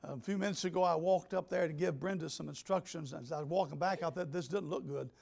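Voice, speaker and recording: An older man, a pastor, preaching a sermon emphatically, repeating key words and swinging between loud and soft. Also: fairly high pitch, fast talker, vocal fry. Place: church.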